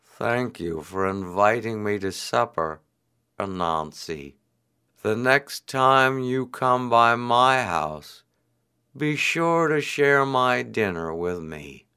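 A man voicing a slow, patient male turtle in a storybook tale, drawing out his words. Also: medium pitch, lively intonation, pushed and bright, clear, resonant tone, full character voice. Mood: polite. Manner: slow and drawn-out.

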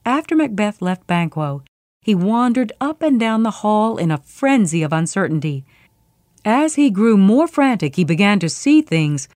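A woman narrating a storybook in a clear, steady reading voice. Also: mid-range voice, moderate pace, no room sound, clean studio sound.

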